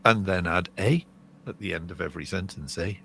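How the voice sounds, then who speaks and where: A man's voice: low-pitched, fast talker, vocal fry, background noise. A man co-hosting a casual podcast chat, joking drily and reading out listener comments. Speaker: co-host.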